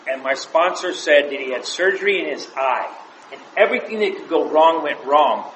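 Man, fairly high voice, casual storytelling share that chuckles through the anecdotes; echoey room, faint hiss. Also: expressive, moderate pace, fairly bright tone. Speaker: meeting member sharing.

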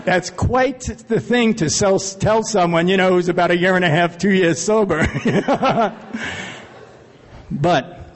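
A man's voice: sits high, moderate pace, few pauses, slight background noise. A man sharing his recovery story with earnest, plain storytelling and occasional laughs. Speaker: AA speaker. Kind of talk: recovery share, personal story. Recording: long hall reverb.

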